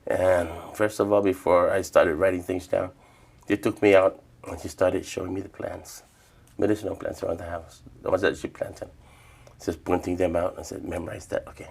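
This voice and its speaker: Low gravelly man telling stories. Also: normal speed. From Northern Mariana Islands. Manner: relaxed, acts out quoted voices in storytelling. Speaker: humanities awardee, traditional healer. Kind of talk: interview storytelling.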